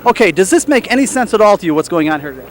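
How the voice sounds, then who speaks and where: A man's voice: sits high, sing-song, slight background noise. A man hosting an outdoor car show interview, joking and teasing his guests. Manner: teasing, fast-talking.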